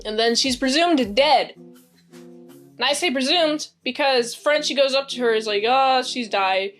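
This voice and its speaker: A fairly high-voiced woman talks through a TV episode in a loose, rambling recap. She gets excitable and fills her talk with fillers. Soft music plays quietly behind her. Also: moderate pace. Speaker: TV show reviewer. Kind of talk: casual recap and review. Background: faint background music.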